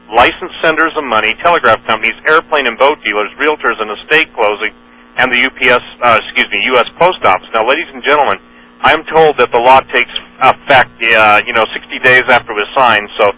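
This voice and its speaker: A man's voice: mid-range voice, sharp tone, poor audio. A man hosting a radio talk show, reading news items and quotes aloud in an earnest manner, often correcting himself mid-sentence. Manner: earnest, with frequent fillers and self-corrections.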